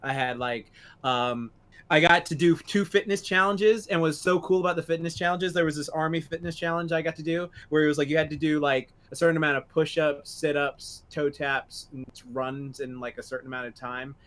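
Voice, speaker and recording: A man's voice: on the high side, fairly even intonation, fairly quick, fairly bright tone. A young man co-hosting a podcast, rambling through a story with lots of laughter and swearing. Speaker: podcast co-host. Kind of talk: casual chat.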